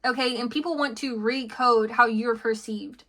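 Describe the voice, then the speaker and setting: Woman doing a tarot reading, kinda high voice, rambly, lots of ums and little laughs. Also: fairly even intonation, moderate pace, sharp tone. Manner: rambling and chatty, many fillers and restarts; giggly, laughs between thoughts. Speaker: tarot reader.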